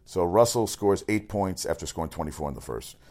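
A man running through sports news as a radio host, rambling, excitable and swearing often. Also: low-pitched, fairly quick. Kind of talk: casual sports news rundown.

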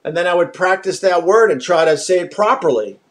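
A man's voice: high-pitched, lively intonation, brisk. A middle-aged man from Long Island with a light Long Island accent, hosting a radio talk show in a chatty, jokey, rambling way while achy and unwell. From Long Island, New York. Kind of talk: casual radio talk with ad reads.

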